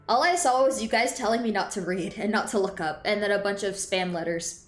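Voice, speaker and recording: A woman's voice: mid-range voice, fairly quick, roomy sound, soft background music. A woman streaming a game and chatting casually with her viewers. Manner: chatty, laughing, reacting to chat. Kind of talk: live gameplay commentary.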